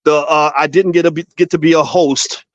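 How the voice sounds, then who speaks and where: A man hosting his own show talks off the cuff in a casual monologue, often tripping over repeated words as he goes. His voice sits on the higher side for a man. The recording is dry and a bit dull. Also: fairly even intonation, normal speed, no room sound. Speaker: podcast host, finance professor.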